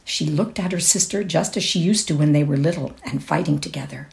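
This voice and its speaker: A woman reads a classic short story aloud in a measured, expressive manner. Her voice sits low for a woman. She leans into the descriptive passages. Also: vocal fry. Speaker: reader. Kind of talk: dramatic reading of a short story.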